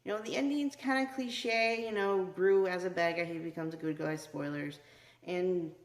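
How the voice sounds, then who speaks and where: A woman's voice: fairly low pitch, normal speed. A woman hosting a casual video movie review, talking in a chatty way with lots of "you know" and "like.". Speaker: movie reviewer, channel host. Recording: echoey room.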